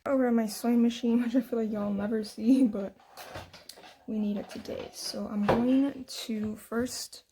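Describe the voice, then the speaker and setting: A young woman casually walking viewers through a sewing project at home, chatty and quick to laugh at herself. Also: on the high side, fairly even intonation, background noise. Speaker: sewing tutorial host. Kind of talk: casual step-by-step sewing demo.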